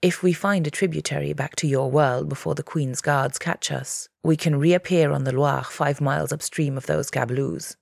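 A secretive fairy woman speaks low and clipped, half in a whisper, as a woman narrator puts her on. Her voice is deep and gravelly, close and dry. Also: steady tone, moderate pace, hardly any pauses, a little mellow, dry recording. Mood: hushed. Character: guarded female fairy, weary and secretive.

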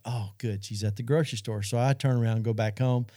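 A man's voice: medium pitch, fairly even intonation, fairly quick, dark tone, dry recording, clean studio sound. A middle-aged man telling an earnest personal testimony on a Christian talk show, speaking straight to the audience. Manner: earnest storytelling, addresses audience.

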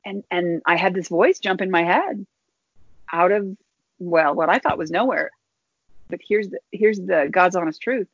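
A woman guest telling a personal story in an earnest, halting way, often restarting her phrases. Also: lowish voice, dry recording. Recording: dull lo-fi dry recording.

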